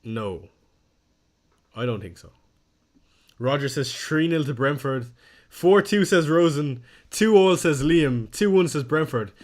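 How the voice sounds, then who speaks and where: A young man on a fantasy football live stream speaks slowly in a fairly high voice with lively intonation, pausing often. He's chatty and self-deprecating, reading the chat aloud and joking about his blunders.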